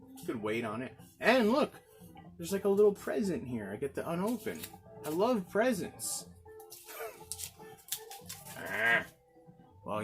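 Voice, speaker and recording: A man hosting his own gin review show, talking casually and jokingly, prone to excited outbursts. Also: mid-range voice. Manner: chatty, jokey, excitable, with playful outbursts. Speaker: chef. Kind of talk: casual spoken product review.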